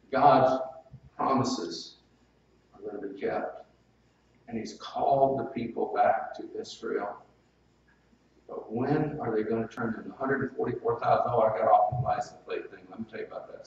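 A man's voice: medium pitch, gravelly, a little hiss or hum. A male preacher delivering a sermon in a folksy, conversational way, with personal stories and asides. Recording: very echoey, distant, dull hall sound.

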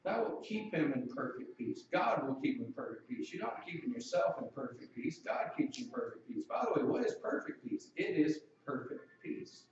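A man's voice: medium pitch, big pitch swings, moderate pace, hardly any pauses, darkish tone, very echoey, distant mic, highs cut off, a little hiss or hum. A man preaching a sermon in a conversational way, asking the congregation questions.

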